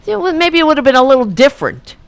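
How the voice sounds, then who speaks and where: A woman's voice: sits high, big pitch swings, quick pace, dry recording. A woman hosting a political podcast, ranting angrily and profanely at a played clip with sarcasm. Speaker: podcast host. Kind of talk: angry political commentary.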